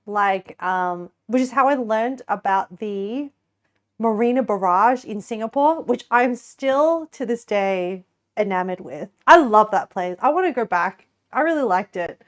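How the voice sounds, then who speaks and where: A young Australian woman chatting casually while baking on a stream, giggling often and rambling with lots of restarts. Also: mid-range voice.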